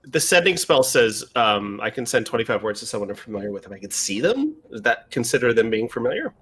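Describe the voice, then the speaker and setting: A man playing a tabletop game, lively and hesitant with fillers. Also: medium pitch, quick pace, a little hiss or hum. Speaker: player.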